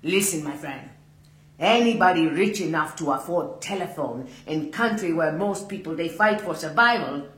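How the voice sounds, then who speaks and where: A man's voice: a little high, expressive, normal speed, a bit bright. A man reading as an amused, lecturing man. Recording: roomy recording with faint hum.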